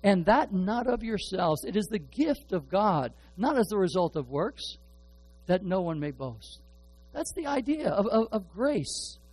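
A man's voice: high voice, very animated, measured pace, a little mellow, slightly rough, low-quality recording. A middle-aged man preaching a sermon, earnest, often repeating and restarting his words. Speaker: pastor.

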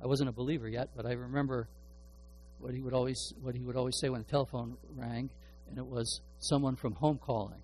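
A man's voice: mid-range voice, steady tone, a little fast, darkish tone, slight background noise, low-quality recording. A middle-aged man preaching a sermon, earnest, often repeating and restarting his words. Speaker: pastor.

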